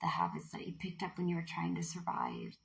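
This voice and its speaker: A woman giving a casual tarot card reading in a playful, chatty way, often dropping into breathy half-whispers. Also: on the low side, lively intonation, brisk, low-quality recording.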